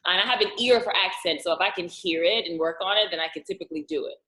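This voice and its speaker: Lively woman with a lowish voice, echoey room. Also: quick pace. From Louisiana, USA. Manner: animated, laughs often, acts out quotes. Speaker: actress, interview guest. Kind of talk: casual interview chat.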